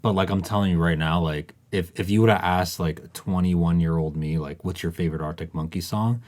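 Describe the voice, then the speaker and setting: A man's voice: deep voice, fairly quick, darkish tone. A man co-hosting a casual podcast, talking emphatically and with enthusiasm. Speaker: podcast co-host.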